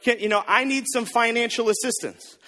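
Elderly mother-in-law played by a man, halting, pleading, high voice, long hall reverb. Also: pushed and bright. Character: aging mother-in-law, woman, pleading for money.

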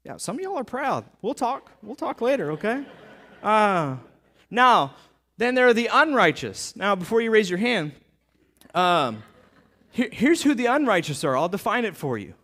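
A male pastor delivers a sermon in a lively, conversational way, talking straight to the people in front of him. His voice sits high for a man and swings widely in pitch, climbing up and dropping low for emphasis. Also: normal speed. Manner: animated, conversational preaching with frequent asides to the crowd.

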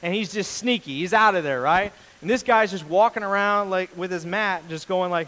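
A man's voice: high voice, moderate pace, hardly any pauses, poor audio. A male pastor giving a casual, jokey sermon, acting out the people in the story. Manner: animated storyteller, acts out voices, jokey.

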